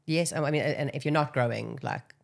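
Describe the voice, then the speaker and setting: A woman, an actress as guest, talking openly in an interview, often pausing and repeating words. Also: extremely low pitch, creaky. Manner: halting, repeats words, breaks into song snippets. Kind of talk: candid interview chat.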